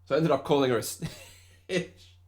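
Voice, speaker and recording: A man's voice: on the high side, normal speed, a little mellow. Profane young Australian man ranting. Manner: profane, rambling storytelling with mocking quoted voices. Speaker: podcast host. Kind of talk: casual ranting monologue.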